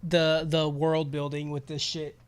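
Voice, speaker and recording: A man's voice: a little high, little pitch movement, a little slow, clear, resonant tone. A man co-hosting a casual podcast, reacting with enthusiasm and laughter. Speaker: podcast co-host. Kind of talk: casual chat.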